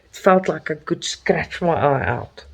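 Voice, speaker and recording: A man's voice: fairly high pitch, animated, unhurried, creaky, breathy edge, muffled recording. A middle-aged South African man, an Afrikaans speaker, chatting casually as a cross-stitch vlogger while he stitches. He talks in a chatty, openly emotional way with frequent exclamations.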